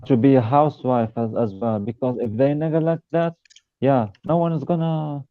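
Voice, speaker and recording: A man's voice: medium pitch, fairly even intonation, normal speed, smooth, no room sound. A man taking part in a casual discussion as a guest, often repeating and restarting words and laughing between points. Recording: tinny phone-like line.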